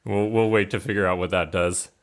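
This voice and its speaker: Game master, male, lowish voice, easygoing narration full of filler words, tabletop session with friends. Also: steady tone, fairly quick. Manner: casual, loose narration with many fillers.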